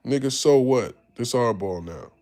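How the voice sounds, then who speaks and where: A man's voice: mid-range voice, lively intonation, unhurried, darkish tone. Candid New man telling stories. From Harlem, New York. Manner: candid, profane, acts out quoted voices. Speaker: podcast host. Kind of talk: casual storytelling talk.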